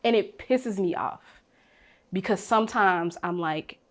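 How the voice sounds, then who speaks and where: A woman speaking candidly and emotionally in a panel conversation, swinging from hushed to loud. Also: mid-range voice, unhurried.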